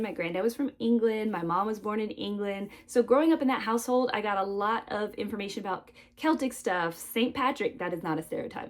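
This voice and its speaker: A young American woman telling a casual, rambling story to camera, full of asides and fillers. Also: mid-range voice. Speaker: vlogger.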